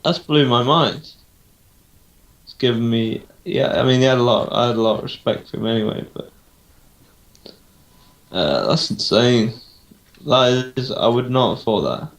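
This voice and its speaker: A man's voice: mid-range voice, lively intonation, a little slow, long pauses. Rambling young man, roomy sound. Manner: rambling, unsure, thinks aloud with many ums. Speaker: podcast co-host. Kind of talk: casual chat. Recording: roomy home recording.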